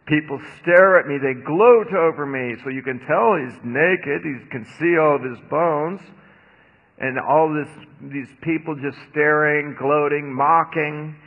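A man with a slightly raised pitch talks through scripture in an easy, conversational way and drives points home with emphatic asides. The broadcast sounds narrow and phone-like, with a long reverb trailing his words. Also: animated, measured pace. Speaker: radio Bible teacher. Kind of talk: conversational radio Bible teaching.

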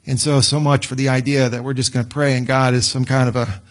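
A man's voice: medium pitch, little pitch movement, fast. A middle-aged man preaching a conversational sermon, sometimes acting out pleading prayers. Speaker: pastor.

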